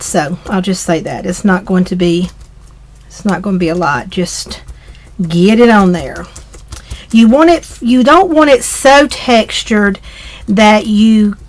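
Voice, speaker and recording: A middle-aged woman with a Southern accent, chatting her way through a craft tutorial, rambling with ums and restarts. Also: medium pitch. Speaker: craft demonstrator.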